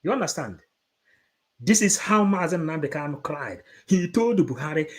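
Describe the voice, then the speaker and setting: A man's voice: a little high, very animated, moderate pace. A man preaching to supporters, emphatic and repetitive, moving between English and Igbo. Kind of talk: impassioned preaching.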